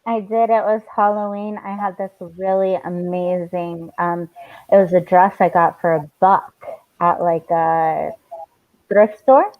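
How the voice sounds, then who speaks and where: A woman chatting in a casual group voice call, playful and teasing with easy swearing. Her voice sits a bit low and she talks slowly and unhurried. The sound comes through muffled and lo-fi. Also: fairly even intonation. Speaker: voice chat participant.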